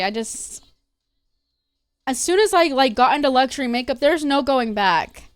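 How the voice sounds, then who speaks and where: A woman's voice: high-pitched, animated, moderate pace, smooth. A young woman streamer chatting casually and gossiping, swearing freely as she talks. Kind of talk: casual live-stream chat.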